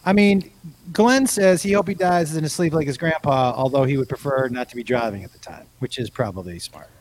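A man's voice: medium pitch, fairly quick. A man co-hosting a podcast in casual chat, rambling and often breaking into laughter. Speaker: podcast co-host.

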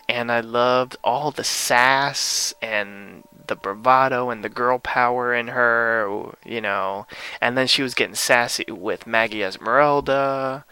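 A man's voice: mid-range voice, bright, forceful tone, clean tone, poor audio. A man hosting a casual podcast chat, teasing his co-hosts and prompting them along. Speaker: podcast host.

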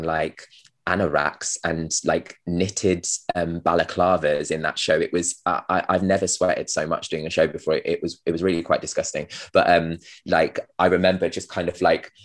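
Low-voiced man telling rambling stage stories. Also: little pitch movement, moderate pace. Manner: rambling, many fillers and restarts, laughing at stories. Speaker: actor guest. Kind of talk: casual interview chat.

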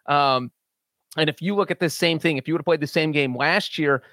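Stat-citing man, slightly high voice. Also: brisk, no echo, clean studio sound. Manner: cites stats in an even, steady way. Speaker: podcast co-host. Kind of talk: casual sports betting chat.

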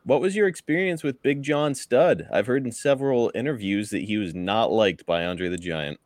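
A man's voice: on the low side, moderate pace, darkish tone. A man co-hosting a podcast, asking questions in casual chat and laughing often at the answers. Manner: laughs often, short reactions.

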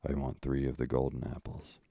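A bold young hero on a quest, voiced by a man reading a storybook aloud. His replies come steady and low, in a very deep, dark, gravelly voice with almost no rise and fall. The sound is dry and close to the mic. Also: fairly quick, no room sound, heavily acted. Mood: plain.

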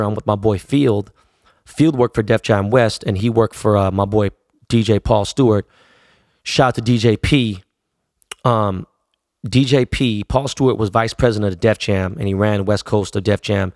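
A man's voice: lowish voice, dry recording, studio quality. A man, a DJ telling stories casually in profane, laid-back street slang. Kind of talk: casual storytelling.

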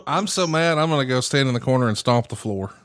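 A man from the American South co-hosting a podcast, ribbing his partner in loose, joking banter. His pitch sits mid-range but swings widely as he talks. The sound is close and dry, with no room echo. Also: expressive, quick pace, a bit bright. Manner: teasing, joking. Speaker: podcast co-host. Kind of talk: casual chat.

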